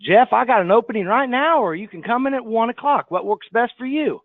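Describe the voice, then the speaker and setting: Male trainee, high animated voice, hesitant, tinny phone line. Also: fairly quick, no room sound. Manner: hesitant, with "uh" fillers. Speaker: sales trainee. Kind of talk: role-play phone practice.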